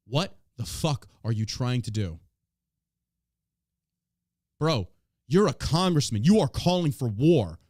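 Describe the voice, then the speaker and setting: A man's voice: mid-range voice, big pitch swings, slow, long pauses, a little mellow, dry recording, studio quality. A man hosting a podcast, ranting in heated, profane and emphatic bursts. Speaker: podcast host. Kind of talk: ranting political podcast talk.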